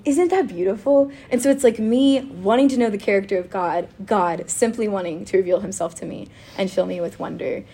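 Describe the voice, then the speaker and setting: A woman chatting casually about faith and telling a personal story, animated and quick to laugh, with lots of "like". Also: medium pitch, slightly rough. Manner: animated and giggly, with frequent laughter and filler "like".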